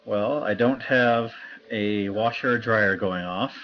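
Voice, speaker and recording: A man chatting in an easygoing, matter-of-fact way from his home basement. His voice sits low, and the mic sound is a bit dull and muffled. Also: slow, slight background noise. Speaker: player. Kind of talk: casual chat.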